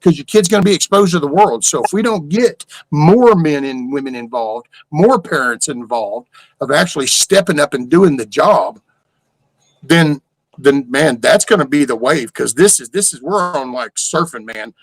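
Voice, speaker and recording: A man's voice: a little high, animated, normal speed, no echo, low-quality recording. An older man with a drawl, hosting a casual livestream and ranting in rambling, profane rhetorical questions. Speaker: livestream host.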